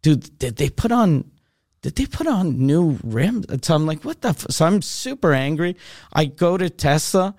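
This comedian in his thirties hosts a podcast, and his voice sits a little high and moves a little slowly over a dry, clean studio recording. Chatting casually, he tells an animated story full of swearing, voicing both people in the exchange himself.

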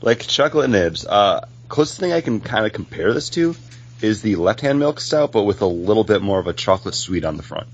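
A man's voice: on the low side, sing-song, brisk, husky, lo-fi sound. A man co-hosting a casual podcast, rambling with lots of fillers as he talks. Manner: rambling, many fillers and restarts. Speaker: podcast co-host. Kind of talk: casual chat.

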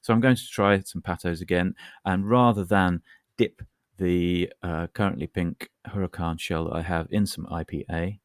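A man's voice: low voice, fairly even intonation, normal speed, no room sound, clean studio sound. A man co-hosting a casual podcast chat, talking in a wry, rambling, self-deprecating way. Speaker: podcast co-host.

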